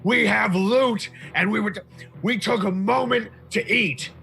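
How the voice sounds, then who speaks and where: A man playing a loud, indignant tabaxi impostor who blusters and swears at the guards. The voice is high and gravelly with a bright, tense edge. Faint music runs underneath. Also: measured pace, full character voice. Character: brash male tabaxi cultist impostor, indignant.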